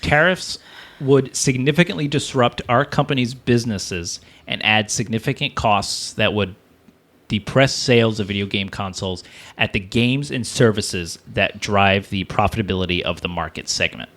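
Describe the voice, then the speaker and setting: A man's voice: on the low side, normal speed, a bit bright. A man co-hosting a casual podcast, reading news statements aloud between jokes. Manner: jokey, reads statements aloud. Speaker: podcast co-host.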